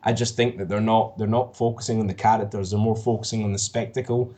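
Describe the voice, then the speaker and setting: A man co-hosting a podcast who talks about films in an animated, excitable way and swears freely. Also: on the low side, fast talker. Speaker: podcast co-host. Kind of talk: casual podcast chat.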